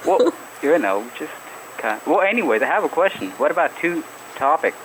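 A man's voice: fairly high pitch, sing-song, normal speed, fairly bright tone, a little hiss or hum, low-quality recording. A man calling in to a radio show, telling rambling jokey stories. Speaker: caller. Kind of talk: casual chat on a radio call-in.

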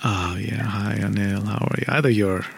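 Gravelly-voiced late-night radio host. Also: male voice, lowish voice, fairly even intonation, heavy background noise. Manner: slow, intimate and musing, with many fillers. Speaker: radio talk show host.

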